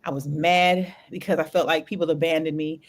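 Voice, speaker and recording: A woman hosting a candid podcast conversation, telling her story in an animated, laughing way with casual slang. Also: sits low, a little fast. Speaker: podcast host.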